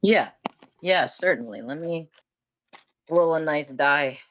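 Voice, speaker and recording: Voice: medium pitch, slow, fairly bright tone, no room sound. A player in a tabletop game, chatting playfully.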